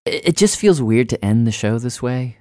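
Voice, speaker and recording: A man's voice: mid-range voice, animated, moderate pace, mellow, no room sound, studio quality. A man hosting a radio show, narrating and questioning in a curious, conversational way. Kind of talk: public radio storytelling.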